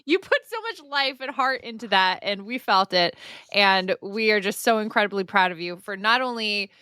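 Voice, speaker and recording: A woman's voice: mid-range voice, lively intonation, normal speed, pushed and bright, smooth, dry recording, clean studio sound. A woman podcast host, supportive and effusive, casually swearing as she praises her guest. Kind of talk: casual interview chat.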